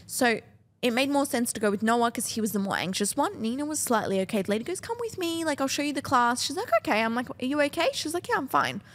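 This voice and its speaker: A young woman, co-hosting a podcast and telling a story in casual, animated chat, swearing often and acting out other people's lines. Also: on the high side, fast. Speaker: podcast co-host.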